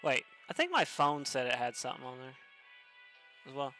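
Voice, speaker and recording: A man's voice: medium pitch, huge pitch swings, normal speed, sharp tone, soft background music. Amused man commenting on a game. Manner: amused, chuckling asides. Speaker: gaming YouTuber. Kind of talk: let's play commentary.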